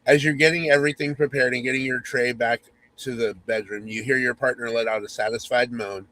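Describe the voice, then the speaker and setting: A man's voice: mid-range voice, steady tone, fairly quick, pushed and bright, low-quality recording. A man hosting a podcast, reading a spoof romance story in second person with mock-sultry narration and teasing asides. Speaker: podcast host.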